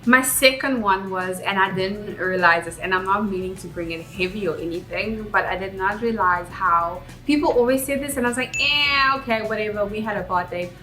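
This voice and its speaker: Her mid-range, fairly bright voice moves at a moderate pace with hardly any pauses. She's a young South African vlogger speaking candidly and reflectively in casual vlog talk, recorded with a roomy echo and faint music behind her.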